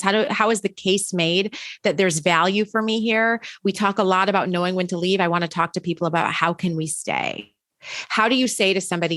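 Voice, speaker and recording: A woman's voice: mid-range voice, a bit bright, no room sound. A woman who teaches college, answering in a podcast interview with earnest, emphatic storytelling.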